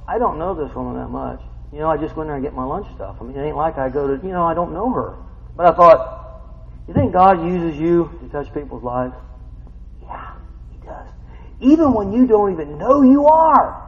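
A man's voice: on the high side, big pitch swings, normal speed, creaky. A man preaching a casual, story-driven sermon, full of rhetorical questions and folksy asides. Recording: muffled sound with long hall reverb.

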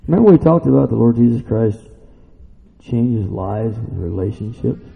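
A man preaching a sermon who swings from loud excited shouts to quiet low asides and keeps asking his listeners questions. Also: normal speed, gravelly. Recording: dull sound with long reverb in a hall.

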